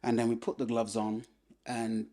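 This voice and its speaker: A middle-aged man from England, a former boxer, telling animated anecdotes as a podcast guest, with frequent filler phrases. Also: mid-range voice, moderate pace. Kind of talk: casual storytelling interview.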